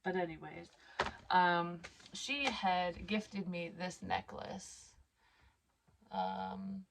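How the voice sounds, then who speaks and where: Rambling, swearing woman vlogger, lowish voice. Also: fairly even intonation, vocal fry, noisy background. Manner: rambling, swears casually, many fillers; reads cards aloud slowly. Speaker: psychic medium vlogger. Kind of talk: casual personal vlog.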